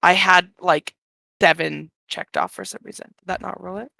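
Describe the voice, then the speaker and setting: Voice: mid-range voice, fairly even intonation, moderate pace, vocal fry, pushed and bright. Playful chatty tabletop player. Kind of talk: casual game chat.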